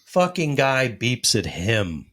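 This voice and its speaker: A man's voice: mid-range voice, very animated, slow pace, a bit bright. A man telling a long, profanity-laced anecdote in casual chat, acting out what people said. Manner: profane, rambling anecdote with acted-out quotes. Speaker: host.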